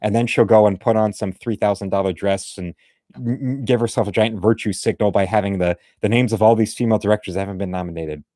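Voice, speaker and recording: A man's voice: fairly low pitch, fairly even intonation, fast talker, dark tone, no echo, studio quality. A man giving casual, blunt and meandering commentary on artwork, opinionated and chatty. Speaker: art commentator.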